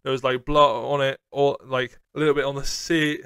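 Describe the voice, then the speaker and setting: A young man casually telling a personal story, animated and swearing, with quoted asides. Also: mid-range voice, normal speed, smooth. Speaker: storytelling streamer.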